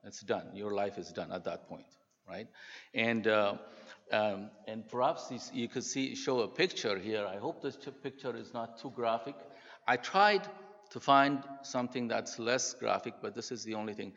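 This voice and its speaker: Older man, pastor, earnest sermon, halting delivery, low voice, long hall reverb, dull lo-fi sound. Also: fairly bright tone. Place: church sanctuary.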